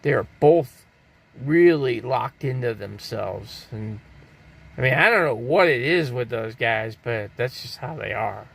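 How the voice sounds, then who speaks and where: A man's voice: medium pitch, animated, a little slow, vocal fry, fairly bright tone, husky. An older man from Arizona hosting a live stream, rambling casually and answering viewers' chat comments aloud. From Scottsdale, Arizona.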